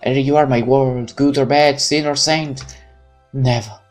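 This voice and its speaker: A man voicing a tender young woman who soothes a crying girl in a soft, gentle voice. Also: a little high, fairly quick, soft background music, natural voice. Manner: soft, comforting.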